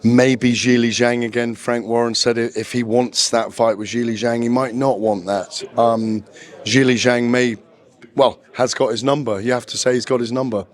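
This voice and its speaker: Guest boxing pundit, man, mid-range pitch, knowledgeable and rambling. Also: level tone, moderate pace. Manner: knowledgeable, discursive, self-deprecating. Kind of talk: casual interview. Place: press conference venue.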